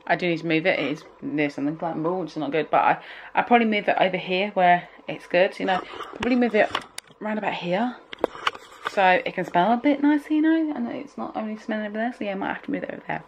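Woman vlogging from home, rambly and emotional, mid-pitched voice. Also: quick pace, highs cut off, background noise. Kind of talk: casual vlog chat.

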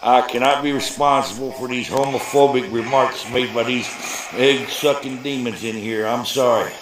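A man's voice: medium pitch, moderate pace. A man with a drawl, a paranormal investigator taunting spirits in a mocking, provoking way inside an abandoned church. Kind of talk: taunting spirits on a ghost hunt vlog. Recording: echoey empty building, background noise.

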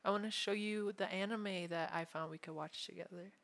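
A clingy, obsessive young yandere femboy, voiced by a man in a whispered role-play. The tone is bright and airy, gentle one moment and quietly threatening the next. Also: high-pitched, fairly even intonation, fairly quick, vocal fry. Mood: clingy menacing. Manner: soft, unsettling, swings between sweet and threatening.

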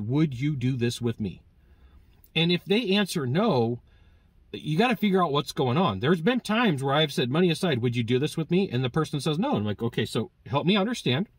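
A man teaching sales negotiation in a lively, conversational way, acting out bits of dialogue with customers. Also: a little high, moderate pace, breathy edge, dry recording. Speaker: sales trainer. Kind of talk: direct-to-camera sales coaching.

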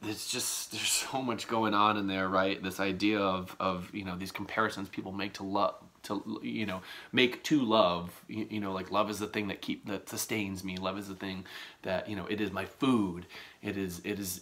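A man teaching a casual poetry lesson as an English teacher, talking haltingly with many ums and restarts. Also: sits low. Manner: slow, relaxed delivery. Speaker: high school English teacher.

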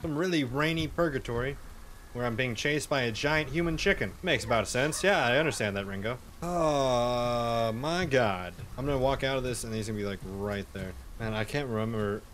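A man's voice: medium pitch, moderate pace, fairly bright tone, a little hiss or hum. A young man hosting a gaming channel, rambling through a horror game in let's play commentary and yelping and swearing when startled. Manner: rambling, jumpy, yelps and swears at scares.

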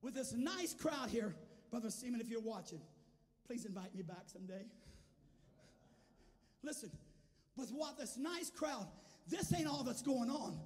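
A man preaching a sermon as a guest, moving between quiet storytelling and shouted, sing-song preaching. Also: extremely high pitch, animated, measured pace, long pauses. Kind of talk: Pentecostal sermon. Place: large church sanctuary. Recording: church hall with long reverb and faint music.

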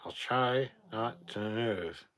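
A man's voice: fairly low pitch, slow pace, a bit bright. A man hosting a casual livestream, reading viewer questions aloud and answering with irreverent, profane, sarcastic rants.

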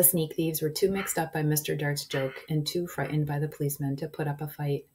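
A woman reading a children's book aloud, shifting into hushed whispers at tense moments. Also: deep voice, steady tone, fairly quick, hardly any pauses. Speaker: reader.

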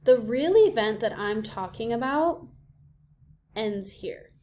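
A woman's voice: a little high, expressive, slow pace, dark tone, slight background noise. A woman teacher giving a recorded reading lesson, explaining patiently and often checking in with her students. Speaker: elementary school teacher.

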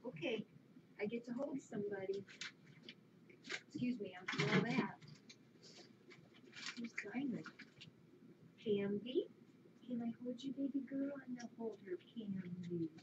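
A woman talking to her pets in a soft, cooing, baby-talk manner. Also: fairly high pitch, a little slow, long pauses. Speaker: pet owner talking to her animals. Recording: dull lo-fi home recording with clear background noise.

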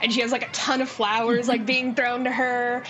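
A woman's voice: on the high side, level tone, normal speed, a bit bright, slight background noise, low-quality recording. Chatty, giggly woman running a tabletop game. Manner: chatty, giggly, many fillers. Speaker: dungeon master. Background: background music.

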